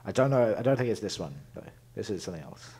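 A man's voice: fairly low pitch, animated, fast, warm tone, soft background music. Man muttering through gameplay commentary. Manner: mumbling to himself, joking. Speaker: let's play host.

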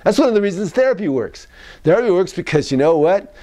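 A man's voice: sits high, sing-song, fast talker, mellow. A man speaking as a psychologist in a casual advice monologue. He repeats key phrases and acts out tones of voice as he goes.

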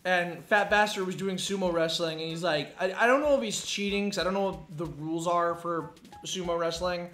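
While streaming a game, this man swaps stories in a laid-back, lively way, swearing a lot and laughing often. He has a high voice and speaks fairly quickly, with slight background noise and a roomy echo on the recording.

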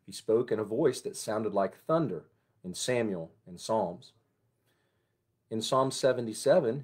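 A man who is a pastor, giving a conversational morning devotion and prayer in a gentle, unhurried way. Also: on the low side.

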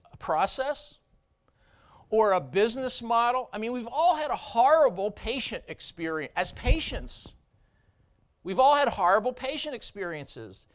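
Giving a keynote at a conference, a male surgeon speaks a little slowly in a high voice with lively intonation. His style is blunt and forceful, driving each point with short, repeated phrases.

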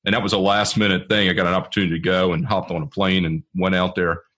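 A male podcast host with a low, husky voice, chatting casually with his guest. He rambles through stories with restarts and quoted dialogue. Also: flat delivery, quick pace, fairly bright tone. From Baltimore. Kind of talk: conversational interview.

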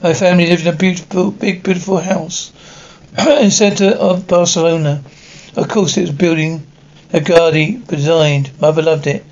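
A man reading the part of a boastful young woman who spins grand tales, in a flat read-aloud delivery that stumbles over words. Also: a little high, normal speed, close to an everyday voice. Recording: dull lo-fi audio with faint hiss.

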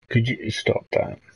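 A young man hosting a casual late-night livestream, rambling and hesitant as he reads out chat messages. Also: low-quality recording. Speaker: livestream host.

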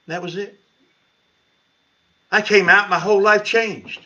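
A middle-aged man, a pastor, telling his conversion story at a church Bible study, with lively storytelling that climbs high when he quotes himself. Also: a little slow. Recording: lo-fi livestream sound.

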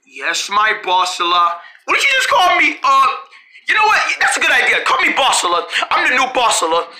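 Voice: high voice, huge pitch swings, quick pace, bright, forceful tone. A storyteller acting out a playful, bossy back-and-forth among several characters, switching voices as they go. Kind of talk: playful improvised character play.

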